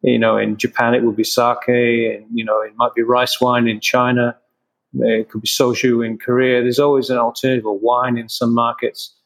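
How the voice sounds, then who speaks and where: A man's voice: medium pitch, level tone, moderate pace, poor audio. A man in an interview, a craft brewer answering questions with many restarts and fillers.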